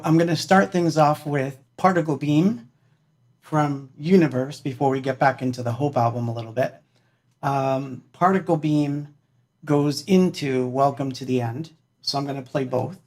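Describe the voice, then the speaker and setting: A man's voice: medium pitch, darkish tone. A man, a musician hosting a livestream, chatting casually and rambling with lots of fillers and laughs.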